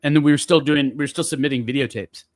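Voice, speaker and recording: A man telling stories in relaxed, casual chat as a guest poet, with lots of fillers. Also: on the high side, fast talker, no echo, studio quality. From San Jose area. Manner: relaxed, chatty storyteller with many fillers.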